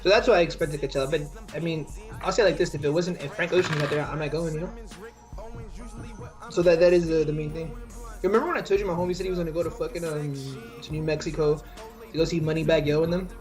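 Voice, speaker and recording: A man's voice: a little high, steady tone, quick pace, music in the background. A young man co-hosting a podcast in casual chat, rambling with slang and many restarts. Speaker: podcast co-host.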